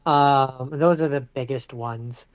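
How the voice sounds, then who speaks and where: A man co-hosting a podcast in casual chat, talking in a measured, hesitant way with lots of fillers and sounding like he's losing his voice. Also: medium pitch, steady tone, clear, resonant tone, lo-fi sound. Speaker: podcast co-host.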